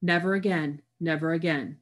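Woman reader doing a mournful wind spirit, chanting and murmuring, low-pitched; storybook audiobook. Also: fairly even intonation, normal speed.

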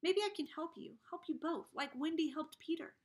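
A woman's voice: high-pitched, moderate pace, voice pushed up, lightly acted. A woman voicing an earnest, anxious young girl in a story read aloud, speaking in an eager, pleading way.

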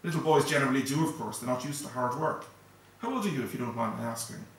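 A man's voice: medium pitch, fast, natural voice. Maud, a haughty prim novelist mother, read by a man. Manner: fussy, disdainful, cuttingly polite. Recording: echoey hall, distant mic.

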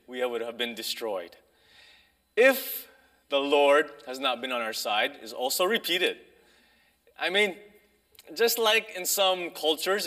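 Bright-voiced man preaching a sermon. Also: fairly high pitch. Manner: conversational, pausing, restarts with fillers. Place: church sanctuary.

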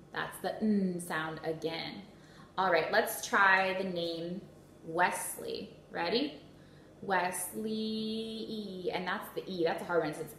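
Woman teacher doing a phonics drill for little kids, bright voice, sounds out each word slow, echoey room. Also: mid-range voice. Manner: slow, clearly sounded-out words with encouraging praise. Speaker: first grade teacher. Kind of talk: phonics lesson for young children. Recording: echoey room with faint noise.

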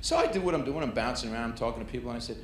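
Brash New comic in a club. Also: male voice, mid-range voice, animated, rapid-fire. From New York. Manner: brash, punchy storytelling with crowd work. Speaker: stand-up comedian. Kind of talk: stand-up comedy set. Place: comedy club stage. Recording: echoey club with audience noise.

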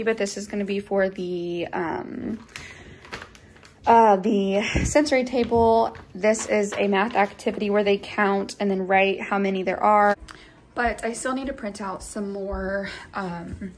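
A woman's voice: medium pitch, slight background noise. A young adult woman, a kindergarten teacher, talking in a chatty, conversational way to her vlog audience. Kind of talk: casual vlog chat.

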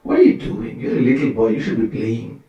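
Brief: man playing a scolding sage, shrill with disbelief; distant mic, heavy room echo. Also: steady tone, brisk, highs cut off, close to an everyday voice. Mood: incredulous. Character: male sage scolding a small boy. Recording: very echoey room, from far off.

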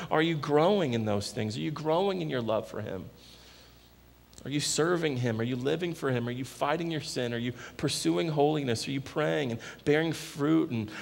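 A man's voice: mid-range voice, vocal fry. A man preaching a sermon as pastor, pressing his listeners with earnest, repeated questions. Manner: earnest, repetitive rhetorical questions. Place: church sanctuary. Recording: echoey church hall with long reverb.

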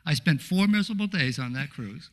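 A middle-aged man telling a humorous personal story during a church talk, easygoing and anecdotal, with frequent pauses to say uh. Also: fairly high pitch, expressive. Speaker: guest speaker at a congregation.

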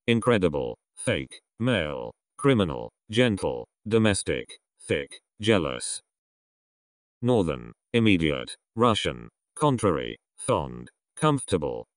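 Deep, slow man reading out single words. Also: dry recording, clean studio sound. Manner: reads single words one by one with pauses. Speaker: vocabulary reader. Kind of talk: reading a word list.

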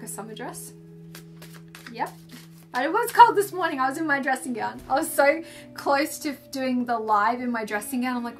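A woman's voice: on the high side, fairly bright tone. A woman doing a casual, gushing livestream card reading, chatty and full of fillers. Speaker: tarot and angel card reader. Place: indoors under filming lights.

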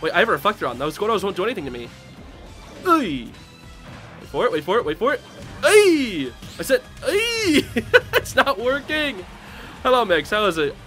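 A young man gives excitable, laughing commentary while playing a fighting game, with sudden loud outbursts. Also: high voice, moderate pace. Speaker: gaming channel host. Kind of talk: casual live game commentary. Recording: game music behind.

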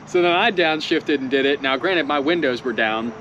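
Bright-voiced joking man co-host. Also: a little high, steady tone, moderate pace, muffled recording, a little hiss or hum. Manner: joking, chiming in. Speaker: co-host of car channel. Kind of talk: casual chat.

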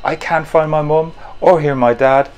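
A man's voice: on the high side, steady tone, normal speed, darkish tone, clean tone, lightly acted. A man reading a storybook aloud and voicing a shy, lost young male whale calf in a timid, plaintive way.

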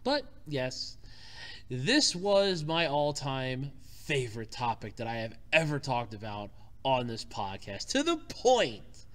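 A man hosting his own podcast, talking alone and animated, who keeps breaking into helpless laughter. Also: a little high, no echo. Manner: animated, exaggerated and self-deprecating. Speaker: podcast host. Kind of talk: solo podcast commentary.

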